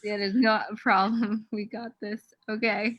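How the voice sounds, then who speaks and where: A woman co-hosting a video call, sorting out the slides and the audio in a quick, practical way. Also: mid-range voice, flat delivery, fairly bright tone, no room sound, highs cut off. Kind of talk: casual chat about tech setup.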